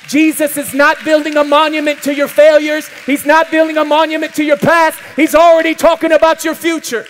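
High-voiced fervent preacher man. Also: monotone, brisk, few pauses, fairly bright tone. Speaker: pastor. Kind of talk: sermon. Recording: long reverb of a large hall.

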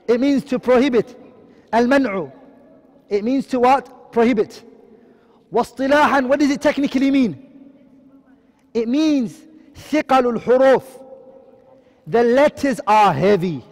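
A man teaching a tajweed lesson online, quickly reciting Arabic terms and then explaining them in English, often asking a question and answering it himself. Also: extremely high pitch, in a large hall. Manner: quizzing, asks and answers his own questions.

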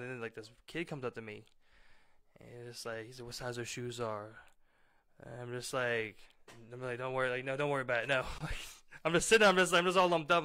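A man's voice: mid-range voice, pushed and bright. A young man telling a rambling personal story in casual podcast talk, full of fillers and acted-out quotes.

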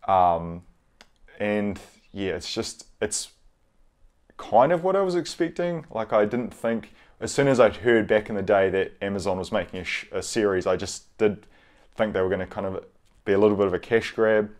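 A young man giving a casual, rambling review, hesitant and low-key, with frequent pauses and restarts. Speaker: video reviewer.

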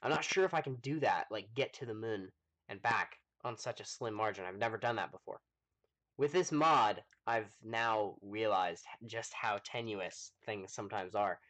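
A man's voice: on the low side, normal speed, fairly bright tone. A man casually commenting on his gameplay during a live stream, thinking aloud with many ums and answering chat. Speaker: gaming livestreamer.

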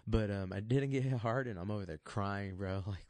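A man's voice: on the low side, fairly quick, a little mellow, no echo. A laid-back man, a fight coach, telling a story from his childhood in loose casual chat. He swears freely and laughs often. The sound is close and dry, with no room around it. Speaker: podcast guest, fight coach.

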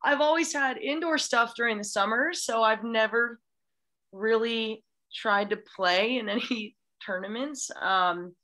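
A woman's voice: fairly high pitch, measured pace, pushed and bright. A young woman, a college beach volleyball player, chatting as a podcast guest in a gushing, enthusiastic way with many restarts. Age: young adult. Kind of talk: casual chat.

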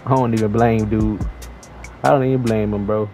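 A young man giving slangy, excitable trash-talk commentary over his own basketball video game play. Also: lowish voice, normal speed, soft background music, poor audio. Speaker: gaming YouTuber. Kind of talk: live gameplay commentary.

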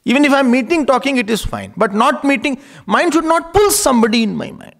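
A man's voice: very high-pitched, lively intonation, brisk, creaky, a bit bright. A man giving a spiritual discourse, asking rhetorical questions and chuckling often. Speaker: spiritual teacher.

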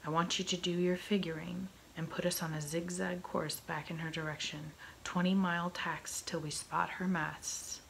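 A woman's voice: fairly low pitch, level tone, normal speed, gravelly, few pauses, a little hiss or hum, rough recording. A woman whispering a vain, short-tempered male pirate captain in a whispered role-play. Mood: gruff.

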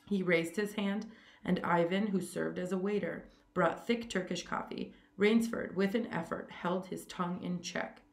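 A woman narrates a story aloud in a low voice with a gravelly edge. Her reading is steady and measured.

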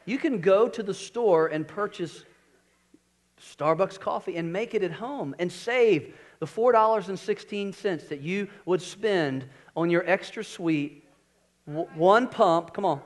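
A middle-aged man preaching a sermon in church, energetic, swinging between loud emphasis and quiet low asides. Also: unhurried. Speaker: pastor. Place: church sanctuary.

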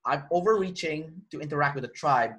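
This interview guest has a slightly high, brisk voice. He animatedly recounts a personal story in relaxed conversation, performs the other characters' lines, and often restarts his sentences.

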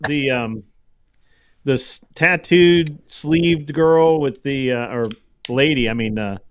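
A man's voice: medium pitch, slow pace, clean tone, no echo. A man on a podcast making wry, needling jokes in casual chat.

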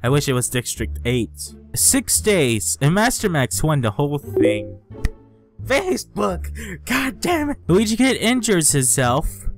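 An excitable young man talks over a game, reading out what happens and firing back with swearing and outbursts. His voice sits a little high and leaps around wildly in pitch. Quiet music plays faintly underneath. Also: measured pace. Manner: excitable, swearing, reading events aloud and reacting with shouts and laughs. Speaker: gaming channel host. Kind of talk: casual gameplay commentary.

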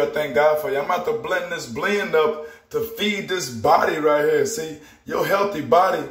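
High-pitched man, upbeat motivational talk, roomy echoey kitchen. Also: fairly bright tone. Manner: upbeat, preachy, repeats phrases. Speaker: vlogger and healthy-lifestyle promoter. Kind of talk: casual motivational vlog.

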